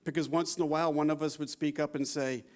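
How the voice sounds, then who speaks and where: A man's voice: on the high side, steady tone, fast. A man in his sixties gives a conversational conference talk as a psychology professor, often adding "you know" and "right?" and laughing. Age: 60s. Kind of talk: conference lecture.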